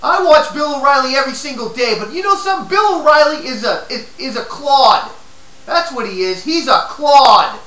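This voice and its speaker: A woman giving an impassioned political rant, indignant and repetitive, her voice shaking with anger as it builds to shouting. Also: high voice, animated, normal speed, reverberant, rough recording. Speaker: political commentator.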